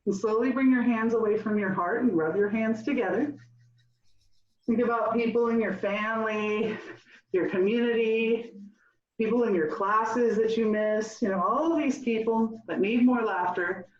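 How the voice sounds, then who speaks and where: A woman's voice: on the high side, moderate pace. A woman leading a laughter yoga session over a video call, giving cheerful, coaxing instructions. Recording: roomy, distant, dull lo-fi sound.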